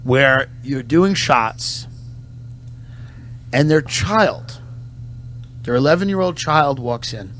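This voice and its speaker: Man, comedian, deadpan, mock-patriotic speech, slow, faint hum. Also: mid-range voice. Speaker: comedian and podcast host. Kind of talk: satirical mock-patriotic monologue.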